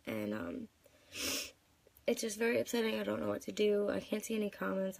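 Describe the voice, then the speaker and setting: A woman's voice: mid-range voice, gravelly, darkish tone. A woman in her twenties venting in a live video, crying and upset, rambling with many fillers. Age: 20s. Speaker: vlogger.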